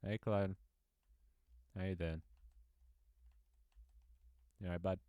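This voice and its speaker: Joking low-voiced man chatting over a game. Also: steady tone, slow pace, dark tone, no room sound, studio quality. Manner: playful, joking, chuckles often. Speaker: gaming streamer. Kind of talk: casual gameplay chat.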